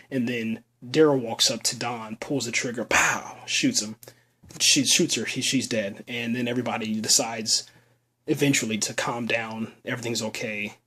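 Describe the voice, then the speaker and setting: Husky man rambling through a recap. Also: medium pitch, fairly bright tone. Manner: loose and rambling, lots of fillers and "man". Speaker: show recap reviewer. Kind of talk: casual episode recap.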